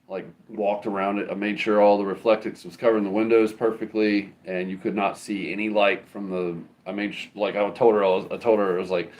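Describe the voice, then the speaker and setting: A man with a somewhat low voice spins a long, wandering story for his livestream viewers. He talks loosely, with plenty of swearing and many asides. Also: little pitch movement, fairly quick, hardly any pauses, darkish tone. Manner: rambling, profane, loose and conversational. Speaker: livestream host. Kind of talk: casual storytelling to a live chat.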